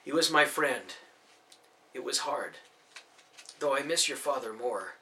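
A man's voice: medium pitch, lively intonation, sharp tone, recorded from a distance. A man doing a reserved young hero. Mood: steady. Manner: measured, guarded.

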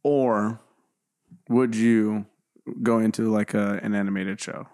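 A man's voice: fairly low pitch, steady tone, takes it slowly, darkish tone. A young man from Idaho, a podcast guest, talking casually and rambling with many fillers. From Idaho, United States. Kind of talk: casual chat.

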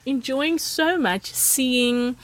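A woman's voice: sits high, very slow, over a noisy crowd. A woman co-hosting a podcast in casual chat, enthusiastic and laughing. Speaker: podcast co-host.

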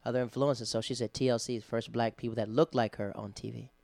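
A man's voice: mid-range voice, quick pace, creaky, no room sound. A man with a Southern American accent hosting a casual chat, telling stories and acting out quotes. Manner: animated storyteller, acts out quotes. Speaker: podcast host, comedian.

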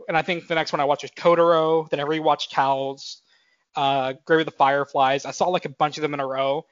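Talking briskly with a flat delivery, this twentysomething podcast co-host chats casually and wanders, correcting himself and padding with filler words. His voice sits somewhat high for a man, and the recording is dry, a bit dull, and echo-free.

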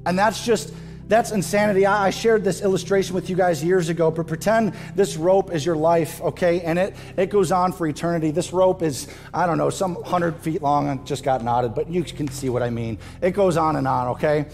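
Impassioned high-voiced male pastor. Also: steady tone, normal speed, faint music behind. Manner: impassioned, rising loud and high at emotional peaks. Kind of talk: sermon. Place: church stage.

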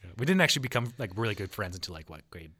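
A young man co-hosts a casual podcast. He talks fast and recounts stories with loose swearing. His voice sounds bright and tense. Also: fairly low pitch, big pitch swings, husky. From Canada. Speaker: podcast co-host. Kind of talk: casual chat.

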